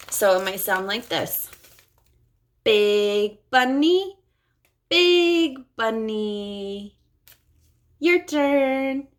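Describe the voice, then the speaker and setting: A female speech-language pathologist coaches parents on practicing at home, modeling words slowly with exaggerated articulation and offering cheerful praise. Her voice sits at a medium pitch and sounds a bit bright.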